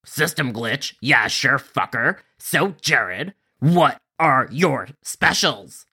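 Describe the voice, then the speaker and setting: A rude, threatening male customer, as a man puts him on. He sneers and taunts in a mid-pitched voice and swears casually. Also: lively intonation, takes it slowly, bright, forceful tone, husky, heavily acted. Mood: sneering.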